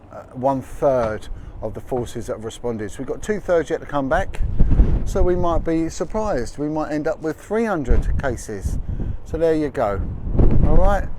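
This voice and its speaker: A man hosting a casual livestream outdoors, chatting with asides as he reads out figures. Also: medium pitch. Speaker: livestream host. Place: outdoors in windy street. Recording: noisy outdoor street recording. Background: wind, traffic and street noise.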